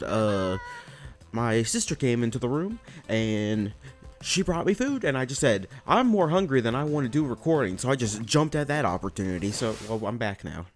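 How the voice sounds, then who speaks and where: A young man at his home desk mic, talking through a platform game in a loose, rambling way. He trails off and restarts, pokes fun at himself and swears casually, in a voice of ordinary middle pitch. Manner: rambling, self-deprecating, swears often. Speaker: let's play gamer. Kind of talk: casual gameplay commentary.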